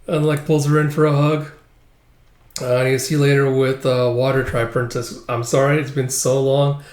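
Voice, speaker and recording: A man's voice: mid-range voice, little pitch movement, normal speed, darkish tone. A man reading through a comic and commenting casually, rambling with many fillers and some swearing. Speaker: comic reviewer. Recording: echoey room.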